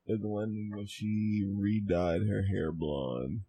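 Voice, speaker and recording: A co-host on a casual podcast in a shed, heckling the others with quick reactions. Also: sits low, a crowd in the background. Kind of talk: casual crude banter. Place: small shed studio.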